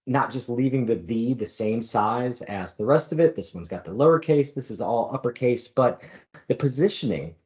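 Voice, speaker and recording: A man talking through a design demo as an instructor, in a relaxed, explanatory way with fillers and light jokes. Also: medium pitch, muffled recording. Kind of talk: screen-recorded design demo.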